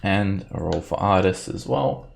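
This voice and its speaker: A man narrating combat as game master of a tabletop game, relaxed and descriptive. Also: deep voice, a little slow, gravelly, faint music behind.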